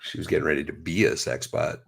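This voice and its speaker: A man's voice: rumbling low, fairly even intonation, fast, creaky, slightly rough. A man co-hosting a casual late-night stream, joking dryly and reading a passage aloud in a grave tone. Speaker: podcast co-host and chat mod.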